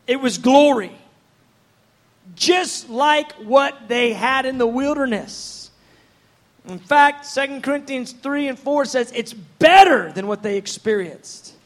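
A man preaching a sermon in a fervent, conversational, rambling way. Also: very high-pitched.

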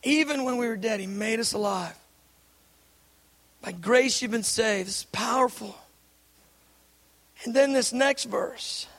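A man in his thirties preaching a sermon with fervor, swinging between shouting and hushed asides. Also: very high voice, a little slow, pauses often.

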